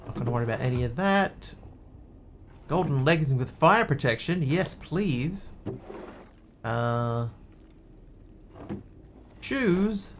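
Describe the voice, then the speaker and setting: A man's voice: fairly high pitch, animated, slow, long pauses, a little hiss or hum. A man streaming a game, chatting playfully with viewers and cracking jokes as he plays. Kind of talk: casual gameplay commentary.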